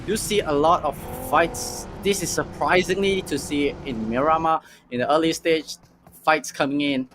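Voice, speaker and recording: A man doing live play-by-play commentary on a mobile esports match, reacting with quick "ooh"s. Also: fairly high pitch, music in the background. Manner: excitable, frequent "ooh" and "oh" reactions. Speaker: esports caster.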